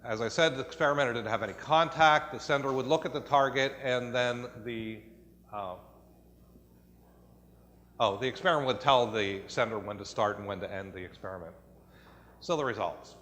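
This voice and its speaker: A man's voice: mid-range voice, normal speed, a bit bright. A man with an American accent presenting research at a conference, explaining the procedure step by step with frequent fillers and restarts. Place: conference hall. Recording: long hall reverb.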